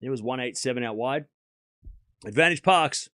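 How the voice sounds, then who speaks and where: At a normal speed and medium pitch, a man with a sharp tone runs a live tennis watchalong stream. He keeps up a chatty play-by-play of the points, reads out donations to thank donors, and laughs frequently.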